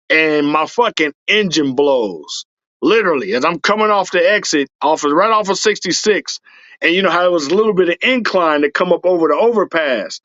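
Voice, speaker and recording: Profane, animated man telling stories. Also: on the high side, no room sound, highs cut off. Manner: profane, animated, breaks into shouts and laughs. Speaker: podcast guest, superfan. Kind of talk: casual storytelling.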